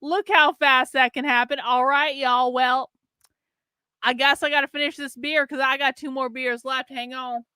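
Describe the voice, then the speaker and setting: A woman's voice: sits high, steady tone, normal speed, sharp tone, smooth, no room sound, studio quality. A tipsy woman hosting a casual livestream, swearing and teasing her viewers, slipping into a mock Southern drawl. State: tipsy from drinking beer. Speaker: livestream host.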